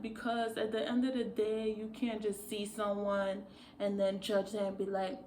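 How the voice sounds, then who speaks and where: A woman's voice: medium pitch, steady tone, moderate pace, a little hiss or hum. Rambling woman vlogger in an echoey room. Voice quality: rambling, lots of fillers and restarts. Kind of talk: casual talk to camera.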